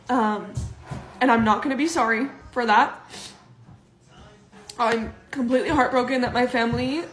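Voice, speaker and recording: A young woman making a vlog, earnest and halting, on the verge of crying as she talks. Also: fairly high pitch. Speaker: social media poster. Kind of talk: emotional vlog to camera. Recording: echoey room with music under it.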